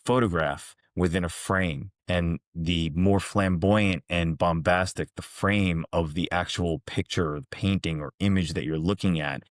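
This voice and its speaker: A man hosting a reflective monologue, calmly and earnestly recounting parables. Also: low-pitched, a little slow, hardly any pauses, no echo, studio quality. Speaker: host, executive coach.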